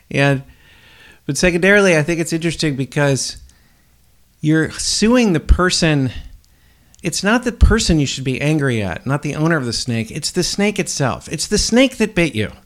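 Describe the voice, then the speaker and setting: A man's voice: on the high side, lively intonation, normal speed. A man hosting a solo podcast, rambling bluntly and swearing freely. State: up before dawn, tired. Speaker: podcast host.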